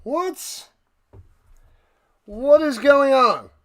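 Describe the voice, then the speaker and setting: High-voiced man calling plays live. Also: drawn-out words. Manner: excitable, bursts into shouted calls. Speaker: live stream host. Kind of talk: casual play-by-play commentary.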